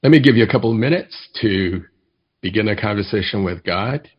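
Low husky-voiced pastor preaching. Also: male voice, lively intonation, lo-fi sound. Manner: measured storytelling, reads poetry slowly. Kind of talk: sermon.

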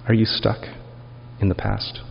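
A male pastor preaches a reflective sermon, easing into rhetorical questions in a somewhat low voice. The recording is dull and lo-fi. A long reverb rings through the church hall. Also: completely flat delivery, a little slow, gravelly, slight background noise.

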